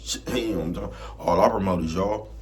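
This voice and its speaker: A fast-talking man with a low voice, recorded with slight background noise, rants to camera as a vlogger. His manner is laid-back and streetwise, though he gets loud and heated, and "you know what I'm talking about" comes up again and again.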